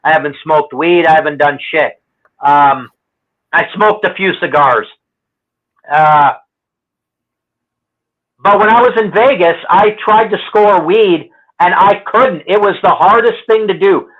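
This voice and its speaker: A man's voice: high voice, measured pace, pauses often. A man from Canada telling rambling, profane stories in casual chat and acting out other people's lines. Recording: muffled lo-fi audio.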